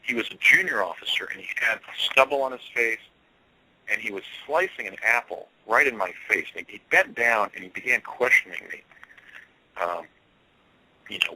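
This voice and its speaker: A man telling a long first-person story as an interview guest, earnest and halting, with frequent fillers. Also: on the low side, bright, forceful tone, husky, no room sound, rough recording.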